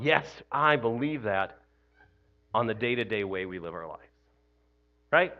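The audio is dull, but the male voice is medium in pitch with a fairly bright tone. He's preaching an Easter morning sermon in an easygoing, talky way, leaning on "you know" and "right?" and poking fun at himself with laughs.

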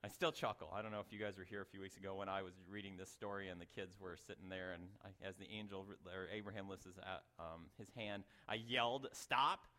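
A man's voice: low-pitched, little pitch movement, fast, hardly any pauses, fairly bright tone. Chatty middle-aged man preaching. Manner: conversational, self-interrupting, chuckles at own asides. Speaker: pastor. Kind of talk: sermon.

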